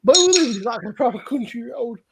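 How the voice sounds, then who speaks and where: A woman's voice: a little high, sing-song, fairly quick, noisy background. A woman in casual livestream banter, teasing and laughing as she tells a story. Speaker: livestream guest. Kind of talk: casual chat.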